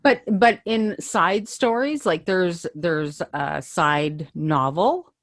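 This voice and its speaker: A woman's voice: lowish voice, slow pace. A woman from Canada co-hosting a podcast in casual chat, emphatic and playful. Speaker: podcast co-host.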